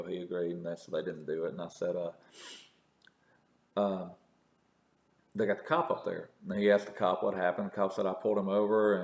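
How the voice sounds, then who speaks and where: Gravelly man rambling in an echoey room. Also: lowish voice. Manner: rambling storyteller with many restarts and profanity. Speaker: political commentator. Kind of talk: casual monologue.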